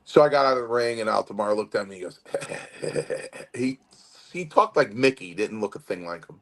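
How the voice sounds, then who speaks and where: A man in his fifties from Connecticut, with a lowish voice and moderate pace, is a guest wrestler in an interview. He tells a long, rambling wrestling-school story with animation and many restarts.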